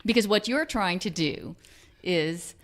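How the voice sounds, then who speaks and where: A woman's voice: lowish voice, expressive, unhurried. A woman hosting a podcast interview, chiming in to encourage the guest and finish his points. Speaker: podcast host.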